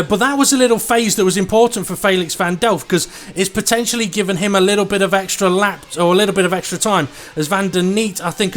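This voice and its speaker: A man commentates a live race in a high, bright register. He talks casually between cars and speeds up with excitement when the battles get close. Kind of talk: live sim racing commentary.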